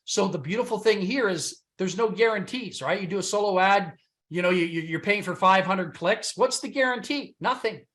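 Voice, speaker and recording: A man with a high-set voice runs a hyped business pitch over a call. He's brash and boastful, punching up the big claims and then dropping into low, confiding asides. His voice sounds slightly worn from all the loud talking. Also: normal speed. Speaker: business opportunity presenter on a conference call.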